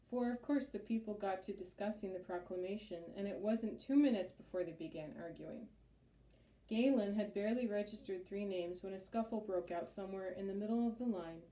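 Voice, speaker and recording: A woman reads a chapter book aloud at a steady, measured pace. Her voice is mellow and soft-edged, in a middle register. The recording carries a roomy echo. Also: medium pitch. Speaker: audiobook narrator. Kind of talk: storybook narration.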